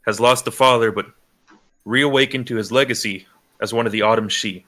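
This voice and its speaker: A man narrating as game master in a tabletop role-playing game, halting with many restarts. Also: medium pitch, steady tone, pushed and bright.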